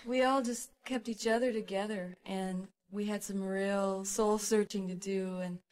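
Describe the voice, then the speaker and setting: A young American woman musician, a guest in an interview, reminiscing in a rambling, halting way with frequent laughs. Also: mid-range voice, fairly even intonation, darkish tone. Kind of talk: casual reminiscing conversation.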